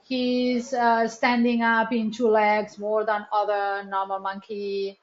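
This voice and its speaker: A woman's voice: mid-range voice, completely flat delivery, slow pace. Woman, rescue center founder, earnest chatty storytelling, non-native phrasing, dull lo-fi audio. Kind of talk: casual interview storytelling.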